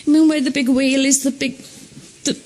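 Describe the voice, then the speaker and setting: Terrified high-voiced woman in fear. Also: flat delivery, normal speed, a little mellow. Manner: panicked, breathless, swearing, whispering in fear. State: frightened, near tears. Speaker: radio show participant in haunted mine. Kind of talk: live on-location reporting.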